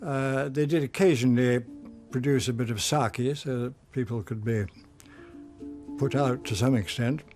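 Slow-spoken old veteran, measured. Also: male voice, medium pitch, over music. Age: 90s. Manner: slow, measured, with many fillers. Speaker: war veteran recalling captivity. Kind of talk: interview recollection.

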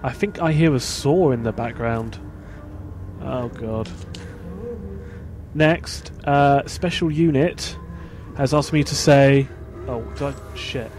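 A man's voice: mid-range voice, slow pace, darkish tone, slight background noise. A man hosting a let's play, giving casual gameplay commentary and muttering asides to himself.

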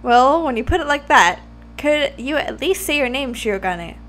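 Woman voicing a dozy male quail teacher, slow and vague, lively high voice, visual novel game. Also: a little hiss or hum. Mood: drowsy. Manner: slow, drowsy. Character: sleepy, absent-minded male quail teacher.

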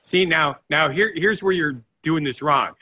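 A man co-hosting a comedy podcast, playful and quick with jokey asides, sometimes stammering as he starts. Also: a little high, pushed and bright, breathy edge. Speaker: podcast co-host. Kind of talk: casual comedic chat.

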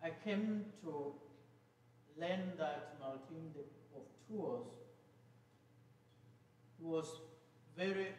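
Slow, halting priest preaching in a church. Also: male voice, a little high, darkish tone, slight background noise. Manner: halting, searching for words. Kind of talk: homily. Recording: long church reverb.

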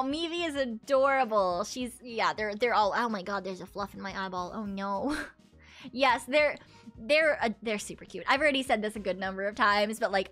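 Excitable woman streamer chatting with viewers. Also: fairly high pitch. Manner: excitable, chatty, swears casually, laughs often. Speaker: VTuber streamer. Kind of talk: casual livestream chat with viewers.

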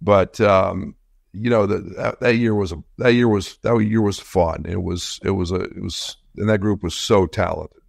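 Man, very low voice, gravelly, dry close sound, halting, restarts a lot. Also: dry recording. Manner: halting, many restarts, deadpan anecdote. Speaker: former assistant coach, guest. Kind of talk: casual storytelling.

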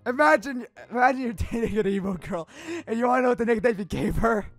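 Brief: man, high and gravelly, teasing reader of fan fiction, crude jokes. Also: quick pace, faint music behind. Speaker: YouTuber playing Shadow the Hedgehog.

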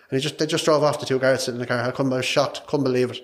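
A man's voice: medium pitch, steady tone, rapid-fire, few pauses. An Irish man, a podcast guest, telling a personal story in a frank, emotional, rambling way, repeating his words. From Ireland.

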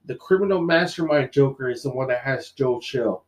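Here a man co-hosting a podcast retells a comic's story in a relaxed chat, his voice medium in pitch and moderate in pace. He's a lively narrator who quotes the characters and leans heavily on fillers.

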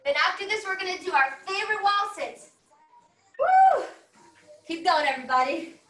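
An extremely high, expressive voice comes from a woman instructor teaching an online workout class, talking fast with a pushed, bright quality. She's exercising too and slightly out of breath, coaching upbeat with whooping cheers. The sound is roomy and distant, picked up by a laptop mic on a video call some way off.

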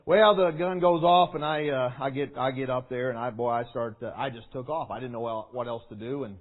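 A man preaching a sermon to young people, telling a story with lively acting, shouts and sound effects. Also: mid-range voice, a little fast. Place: large meeting hall. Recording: tinny phone-like sound.

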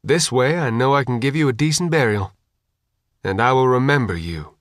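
Brief: a man playing a hardened female petty officer, quiet and blunt, close dry sound. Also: medium pitch, moderate pace, no echo, natural voice. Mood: grim calm.

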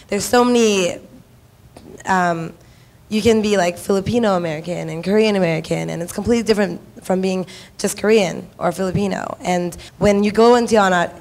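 An actress on a discussion panel working through her thoughts and voicing her exasperation with casting. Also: on the low side. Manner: thoughtful, searching for words, exasperated quotes.

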